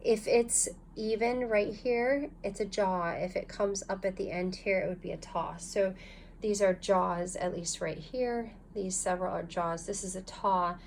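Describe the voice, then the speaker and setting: A woman's voice: mid-range voice, fairly even intonation, measured pace, creaky, a little mellow, slight background noise. Patient woman teaching a phonics lesson. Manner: patient, step-by-step instructing. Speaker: language teacher.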